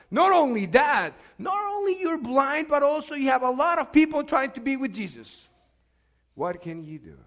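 A man preaching a sermon, swinging between loud, urgent outbursts and hushed asides, and asking the congregation questions. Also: sits high. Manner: asks the congregation questions and has them repeat.

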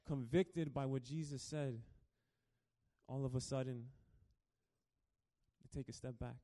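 A man preaching a sermon as a pastor, telling the story dramatically and swinging between hushed and loud. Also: mid-range voice, fairly even intonation, a little slow.

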